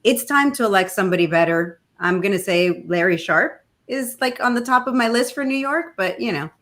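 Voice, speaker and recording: A woman's voice: mid-range voice, lively intonation, fairly quick, a bit bright. A woman co-hosting a podcast, chatting casually in an emphatic, exasperated way. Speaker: podcast co-host. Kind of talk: casual chat.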